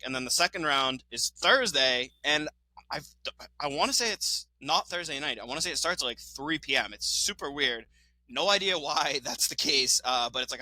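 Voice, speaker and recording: A man co-hosting a casual sports podcast, talking with fast, excited opinions, laughing often and swearing now and then. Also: medium pitch, no room sound, low-quality recording. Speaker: podcast co-host.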